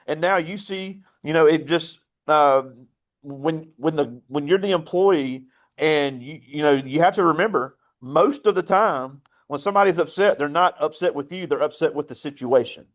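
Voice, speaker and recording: A male interview host with a slightly high voice. He talks in a loose, conversational way, circling back to his guest's points. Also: normal speed. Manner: conversational, with many fillers and restarts. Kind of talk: casual interview.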